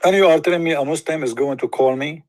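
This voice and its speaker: Man hosting a call-in debate, mocking and emphatic, pitched a bit high, dry sound. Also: fast, no echo. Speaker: online debate host. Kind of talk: live call-in debate talk.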